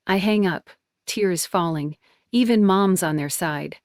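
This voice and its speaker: Woman, 20s, intense first-person story narration, low-ish pitch. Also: measured pace, a little mellow, no room sound, studio quality. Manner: emotional, intense.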